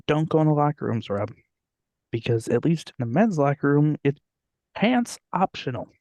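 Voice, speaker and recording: Animated, laughing young podcast man. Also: a little high, moderate pace, dry recording, muffled recording. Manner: laughs often, jokey, puts on silly voices for quotes. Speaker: podcast co-host. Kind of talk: casual chat.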